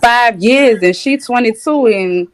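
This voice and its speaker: A woman's voice: on the high side, a little slow. A woman chatting as a guest on a casual live panel, gossipy and slangy, often laughing through her words.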